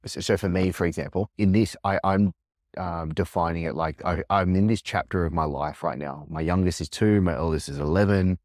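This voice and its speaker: Man in his thirties, podcast host, very low voice, dry close sound, searching, restarts often. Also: brisk, a little mellow, dry recording. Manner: searching, thinks aloud with many restarts. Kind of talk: reflective conversation.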